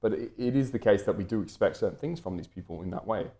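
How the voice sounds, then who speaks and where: A man's voice: on the low side, quick pace, mellow. A man from Britain talking through an unscripted, lecture-style commentary, wordy and full of fillers and restarts.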